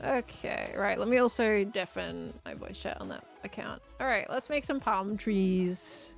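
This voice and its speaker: A woman's voice: mid-range voice, creaky, faint music behind. A young Australian woman chatting casually on a live game stream, answering chat as she builds. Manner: chatty, reading and answering chat, quick laughs.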